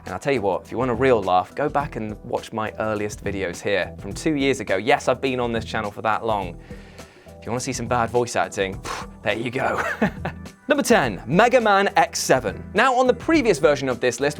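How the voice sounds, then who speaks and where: Brief: host, animated pitch, sarcastic comic delivery, faint music under. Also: male voice. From Britain. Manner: sardonic, lively, jokey. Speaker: gaming video host. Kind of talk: scripted comedic countdown.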